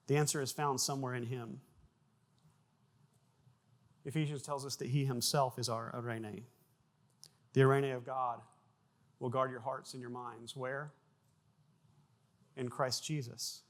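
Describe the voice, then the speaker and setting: Male pastor, mid-range voice, relaxed conversational preaching. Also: medium pitch, unhurried, long pauses. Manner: conversational preaching with restarts, bursts of loud acted sound effects. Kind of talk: sermon.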